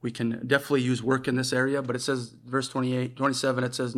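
A male preacher delivers a sermon in a relaxed, conversational way. His pitch sits in a mid range, and he often stops and restarts his phrases. He talks with an earnest, personal tone. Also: fast talker.

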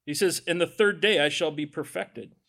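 A man's voice: a little high, normal speed, creaky, a bit bright. A man preaching a sermon as pastor, conversational and joking, with sarcastic asides.

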